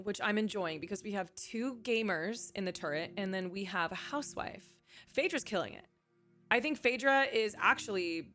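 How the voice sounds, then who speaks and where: A woman talks casually on a live stream, keeping a middle pitch for her sex. She chats freely and breaks off to answer viewers in the chat. Faint music plays behind her. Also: bright, forceful tone. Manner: chatty, reacting to viewers' chat messages. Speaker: livestreamer and former reality show contestant.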